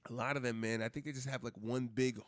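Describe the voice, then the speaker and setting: A man's voice: mid-range voice, fairly even intonation, fast talker, no room sound. Man, podcast cohost, casual chat, profane rambling stories, dry sound. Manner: loose, profane storytelling with laughs and restarts.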